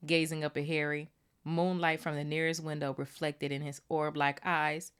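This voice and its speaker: A woman hosting a book club podcast, reading a novel aloud with animated, swearing asides. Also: deep voice, moderate pace, smooth. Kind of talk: casual read-aloud with commentary.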